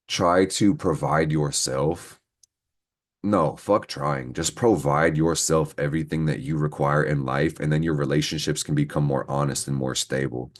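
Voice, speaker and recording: A man giving a casual, profanity-laced astrology reading, rambling and venting heatedly as he talks to his viewers. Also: a bass voice. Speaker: astrology reader. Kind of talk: casual horoscope reading to camera.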